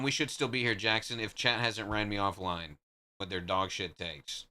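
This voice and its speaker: A man's voice: fairly low pitch, steady tone, normal speed, sharp tone. A man streaming live, trading joking, profane banter with his chat in casual talk.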